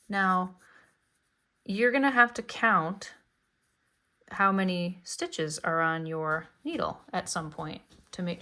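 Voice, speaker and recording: A woman talking slowly through a beginner knitting lesson, calm and unhurried. She is chatty and encouraging as she explains each step of the cast-on. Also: fairly low pitch. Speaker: knitting teacher. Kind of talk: casual tutorial narration.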